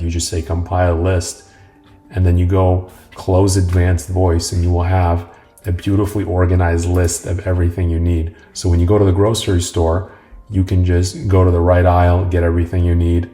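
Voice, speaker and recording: Deep, gravelly male tutorial host. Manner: relaxed, rambling, with uh fillers. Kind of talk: casual tech tutorial.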